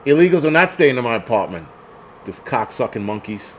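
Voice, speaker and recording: A man's voice: mid-range voice, big pitch swings, brisk, slight background noise. A man hosting a casual livestream, reading chat comments aloud and ranting bluntly with plenty of profanity.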